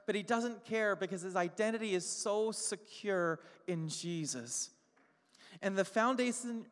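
A male pastor delivers an emphatic sermon in a high voice, piling up short phrases one after another. His words echo with a long reverb, as if spoken in a large church hall. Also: fairly bright tone. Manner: emphatic, repeats short phrases, slows down on key lines.

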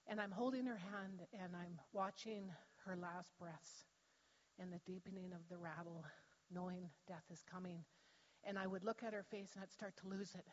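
A woman sharing a personal testimony in church, telling her story in an animated way and laughing easily. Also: on the low side, normal speed. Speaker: church member giving testimony. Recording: dull sound with long hall reverb.

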